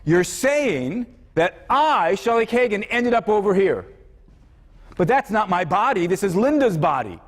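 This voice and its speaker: A man's voice: high voice, sing-song, a little slow. A man giving a university lecture in a conversational way, now and then acting out examples in other voices. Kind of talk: classroom lecture. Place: large lecture hall. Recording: reverberant lecture hall.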